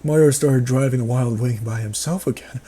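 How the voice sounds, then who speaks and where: A husky, mellow male voice of medium pitch moves along fairly quickly. He reads a horror story out loud while ridiculing it, sarcastic throughout and prone to bursts of laughter and outbursts, acting as reader and commentator.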